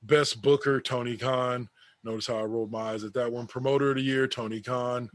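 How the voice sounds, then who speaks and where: A man's voice: medium pitch, steady tone, fairly quick, no echo. A man co-hosting a casual wrestling podcast, reading an awards list aloud with sarcastic asides. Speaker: podcast co-host.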